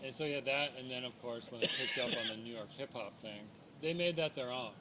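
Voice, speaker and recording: A fast-talking man in a casual podcast chat, mid-pitched. He adds short remarks and agrees often. Background noise is clear behind him. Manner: brief agreeing interjections. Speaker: podcast guest. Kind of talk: casual conversation about music.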